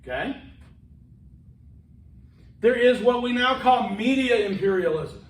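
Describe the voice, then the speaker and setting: A college instructor lectures his class in a conversational, rambling way, full of fillers and restarts. His voice is very high-pitched, expressive and slow, and the sound is roomy.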